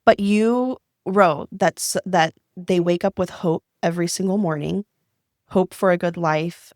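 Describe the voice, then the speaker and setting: A woman co-hosting a podcast, chatty, excitable and openly emotional as she talks. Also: fairly low pitch, a little slow, no echo, studio quality. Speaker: podcast co-host. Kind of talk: casual interview chat.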